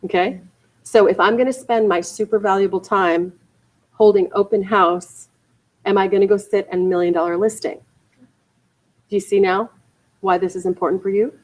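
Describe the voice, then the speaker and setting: A woman leading a real estate training class, emphatic and energetic, often checking in with "okay" and "you guys". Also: medium pitch, normal speed, pauses often, low-quality recording. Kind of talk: training lecture to agents. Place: training room.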